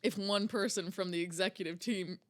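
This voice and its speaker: A young woman co-hosting a podcast in casual chat, enthusiastic and quick to agree. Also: mid-range voice, steady tone. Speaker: podcast co-host.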